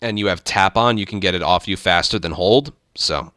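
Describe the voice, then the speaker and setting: Brief: relaxed male gaming host, lowish bright voice, talks viewers through a run step by step. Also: moderate pace, dry recording, studio quality. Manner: relaxed, explaining step by step with fillers. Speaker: speedrun tutorial host. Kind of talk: casual game commentary.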